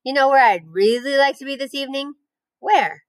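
A woman's voice: high voice, moderate pace, no echo, clean studio sound, voice pushed up, lightly acted. A woman voicing an anxious young pig. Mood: dreamy. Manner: eager and pleading.

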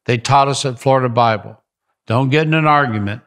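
An older man, a ministry founder, telling stories in an animated interview and repeating phrases for emphasis. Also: medium pitch, a little fast. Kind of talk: storytelling interview.

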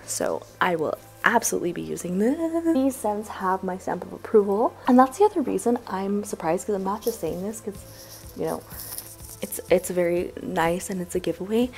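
A young woman vlogger chatting casually while unboxing gifts, excitable and gushing, saying "like" a lot. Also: medium pitch, normal speed, soft background music. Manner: excitable, gushing, says "like" often.

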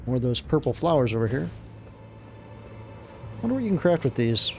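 A man giving casual, excitable let's-play commentary, blurting out exclamations as he plays. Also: medium pitch, a little fast, soft background music. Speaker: gameplay commentator.

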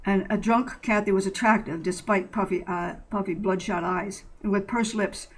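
A woman reading a short story aloud in a plain, steady way with occasional slips. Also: mid-range voice, normal speed, slightly rough, rough recording. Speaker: narrator.

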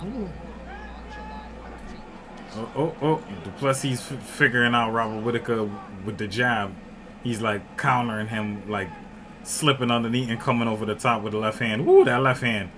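A man in a home room watching a fight and talking over it, his voice at an ordinary middle pitch. He calls the action in loose, excited bursts, swears freely and shouts when the fight heats up. It sounds like a desk mic in a home setup. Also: normal speed, background noise. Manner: loud excited outbursts and profanity, often shouting and laughing. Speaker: fight reaction streamer. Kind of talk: excited live fight commentary.

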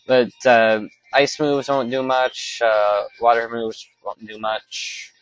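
A man's voice: mid-range voice, steady tone, slow pace, no echo, muffled recording, faint music behind. A man giving casual, rambling commentary over his own gameplay, often stopping to correct himself. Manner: rambling, self-correcting, offhand. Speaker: let's play commentator.

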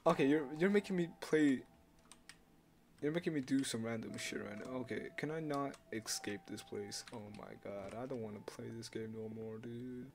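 A young man speaking at normal speed in a mid-range voice commentates live on a horror game for YouTube. Loud and excitable, he curses heavily, gets jumpy with yelps and screams at scares, and repeats himself a lot.

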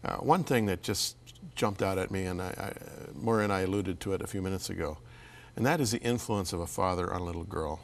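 A man hosting an interview, asking questions and sharing reflections in a measured way, sometimes dropping to a near whisper. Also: low voice, gravelly. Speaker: interview host. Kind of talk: interview conversation.

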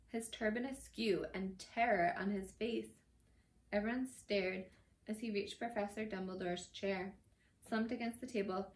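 A woman reading a novel aloud in a casual storytelling manner, now and then slipping and correcting herself. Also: medium pitch. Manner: warm casual storytelling, occasional slips and self-corrections. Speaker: reader. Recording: echoey room.

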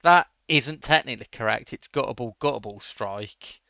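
A man's voice: medium pitch, normal speed, creaky, bright, forceful tone, dry recording, muffled recording. A man hosting a casual coding livestream, answering chat questions with dry jokes. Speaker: livestream host.

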